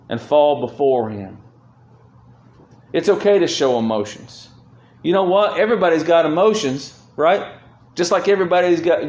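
A man's voice: a little high, a little mellow. A man preaching a sermon as pastor, speaking earnestly and swelling with feeling when he reads scripture aloud. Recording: roomy echo.

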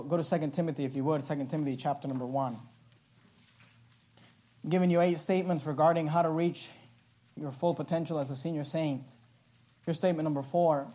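A pastor preaching a sermon with impassioned delivery and many quick restarts of his phrases. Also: fairly high pitch, dark tone.

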